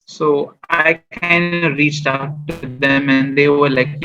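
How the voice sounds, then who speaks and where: A guest poet and small business owner chats casually on an interview show about publishing his poetry, rambling with fillers and restarts. His high-ish voice is steady, bright and forceful, and he talks slowly with hardly any pauses. The highs are cut off in the recording, with faint music behind him.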